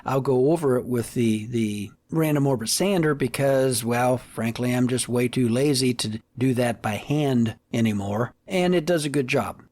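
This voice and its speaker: A man's voice: mid-range voice, a little mellow. A man hosting a casual solo woodworking podcast, rambling through shop stories and puns and laughing at his own jokes.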